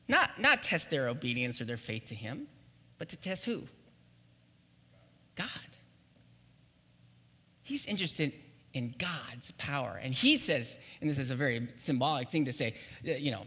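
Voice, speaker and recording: A man preaching a sermon as pastor, playful and animated, acting out quotes and laughing as he goes. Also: fairly high pitch, big-room sound.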